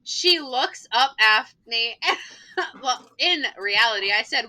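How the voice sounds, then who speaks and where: A woman who teaches school, telling a lively anecdote in casual chat, full of "like" fillers. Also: fairly high pitch, slow, rough recording. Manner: animated storyteller, many "like" fillers. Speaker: teacher and tabletop game player.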